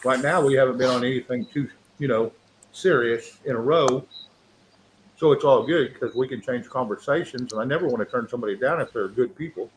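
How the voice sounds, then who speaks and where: A male livestream host with a mid-pitched voice who rambles easily as he brings callers on. A faint hum of noise sits under the recording. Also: brisk, rough recording. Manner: rambling, friendly and welcoming to guests. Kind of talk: casual chat.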